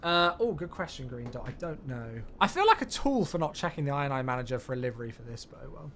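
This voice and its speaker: A man's voice: medium pitch, very animated, fast talker, fairly bright tone, a little hiss or hum. A man streaming a flight simulator, chatting casually with viewers and greeting them by name as he reads back radio calls. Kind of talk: casual live-stream commentary.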